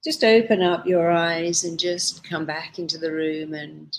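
A woman therapist guiding listeners through a session of spoken affirmations, with slow, emphatic repetition. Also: fairly low pitch, steady tone, a little hiss or hum. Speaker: therapist leading a guided exercise.

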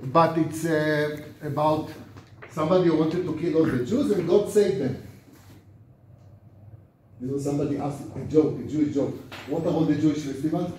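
In an echoing lecture room, an older Israeli rabbi speaks at ordinary speed, his male voice slightly high and darkish. His informal teaching style is chatty, full of questions to the class and words repeated for drill. A distant microphone captures it along with faint background noise.

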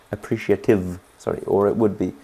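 A man's voice: fairly low pitch, flat delivery, normal speed, dark tone, slight background noise. A man narrating his own game playthrough in a rambling, chatty manner, often asking viewers for their thoughts. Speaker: gaming channel host. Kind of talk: let's play commentary.

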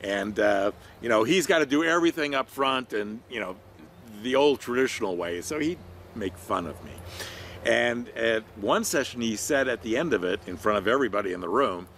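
A man's voice: on the low side, expressive, normal speed, a bit bright, slight background noise. An older man who works as a training consultant, telling stories about his career in a rambling, conversational way with many fillers. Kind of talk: reflective talk to camera.

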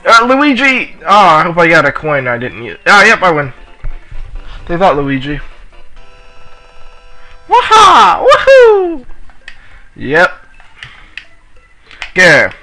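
A man giving casual let's play commentary while racing, excitable and yelling at the racers in the game, with a sore throat. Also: on the high side, unhurried, pauses often, soft background music, poor audio. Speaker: gamer playing on his channel.

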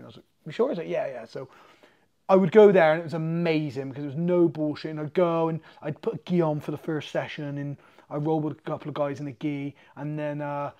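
A man, a fighter as podcast guest, telling lively stories and acting out conversations. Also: on the high side, fast, muffled recording. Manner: animated, swearing, acts out quoted exchanges. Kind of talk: casual storytelling.

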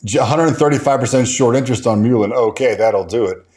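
A man's voice: medium pitch, fast talker, a little mellow. A man hosting a casual stock market livestream, talking in a rambling way with many restarts and fillers as he reads and answers viewer chat. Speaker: stock market show host.

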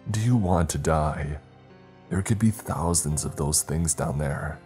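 A man voicing a tense fellow ranger in a horror story, asking blunt, incredulous questions in a deep voice. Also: unhurried, mellow, soft background music. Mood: alarmed.

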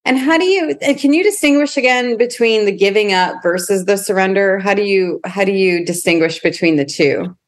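A woman's voice: medium pitch, expressive, brisk, few pauses. A woman hosting a podcast interview, thinking aloud and asking probing questions. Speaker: podcast host. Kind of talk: interview conversation.

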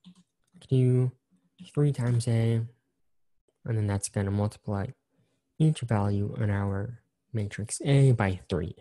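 Low, very dark-voiced male instructor. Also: slow, pauses often. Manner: casual, repetitive, walks through examples step by step. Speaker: engineering instructor. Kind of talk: recorded screen-share lecture.

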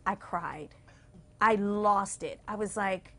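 A young adult woman singer telling stories as a TV interview guest, acting out quotes with big swings and going hushed when moved. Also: a little slow. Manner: expressive, acts out quotes with big pitch swings. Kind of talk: animated storytelling in a TV interview. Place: TV station interview.

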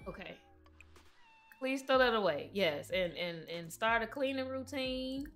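Woman, livestream gamer, unhurried chatty commentary, soft music behind. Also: on the high side, expressive. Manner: chatty, talks to her game characters. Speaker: gaming livestreamer.

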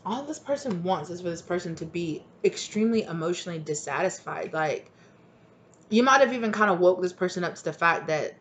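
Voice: mid-range voice, lively intonation, fairly quick, a bit bright, slight background noise. A tarot reader giving a casual, rambling reading, repeating phrases and leaning on "like" and "right?". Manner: rambling, repetitive, full of "like" and "right?".

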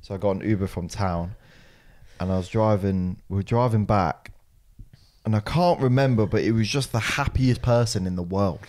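A young man, co-hosting a podcast in casual chat, often laughing and acting out what others said in a gruff voice. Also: lowish voice, normal speed, darkish tone. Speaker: podcast co-host.

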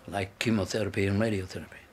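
An actor playing a courteous male hospital doctor who smoothly tries to win a colleague over. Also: low-pitched, steady tone, fast talker, darkish tone, a little hiss or hum, lightly acted. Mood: persuasive. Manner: smooth, persuasive. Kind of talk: TV drama acting.

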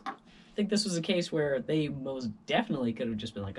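A man's voice: medium pitch, fast. Tired guy rambling thru a story on his vlog, swoopy voice, faint hum behind. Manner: rambling, animated, full of voices and sound effects. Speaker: vlogger. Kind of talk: casual storytelling monologue.

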